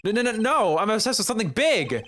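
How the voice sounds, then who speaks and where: Fan-dub casting: a man voicing an eager young lawyer, loud and earnest, lively pitch. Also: fast talker, slight background noise. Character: earnest, flustered young male defense lawyer.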